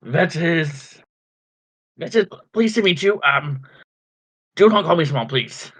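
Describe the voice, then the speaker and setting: A man voicing a small male kobold who speaks in a polite, formal, halting way. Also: a little high, expressive, fairly bright tone, slightly rough, voice pushed up, heavily acted. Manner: formal, halting broken speech.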